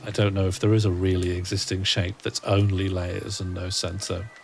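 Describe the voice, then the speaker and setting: Male streamer, low gravelly voice, wry rambling self-talk. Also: little pitch movement, normal speed, soft background music. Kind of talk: casual gaming livestream chat.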